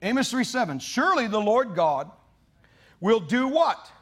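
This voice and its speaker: A man delivering a fiery sermon in a high, bright voice. He preaches with passion, pushing up into ringing shouts at the peaks. The delivery is loud and emphatic. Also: big pitch swings, a little slow. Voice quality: mock British voice for God's words. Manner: impassioned preaching, rising to shouts. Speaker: pastor.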